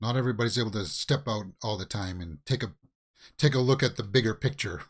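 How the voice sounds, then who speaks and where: A man's voice: on the low side, fast. A man hosting a watch-along reaction video, giving casual commentary that swings into exasperated rants with repeated questions.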